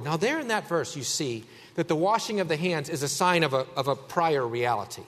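A man preaching a sermon as pastor, emphatic, swinging between a raised voice and a hushed one. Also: fairly high pitch, lively intonation, moderate pace, hardly any pauses, in a large hall.

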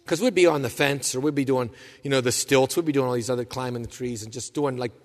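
A man preaching a sermon, telling stories with lively asides and acting out the voices of the people he quotes. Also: medium pitch, fast talker, long reverb tail. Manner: animated storyteller, acts out quoted voices. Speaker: pastor.

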